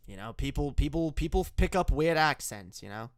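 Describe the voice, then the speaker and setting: A man's voice: on the high side, expressive, moderate pace, no echo, clean studio sound. A man from Canada with an unusual mixed accent, hosting sarcastic reaction commentary, stammering and laughing often. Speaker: commentary video host.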